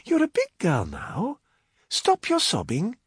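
A man narrating a storybook voices a caring young woman who soothes a frightened child gently but firmly. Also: medium pitch, wildly swooping pitch, takes it slowly, husky, no room sound, studio quality, voice pushed up, exaggerated voice. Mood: soothing.

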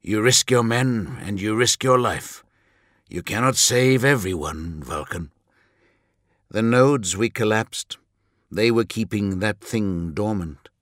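A man voicing a stern, impatient male warlord who speaks in clipped, forceful lines. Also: on the low side, slow pace, no echo, studio quality.

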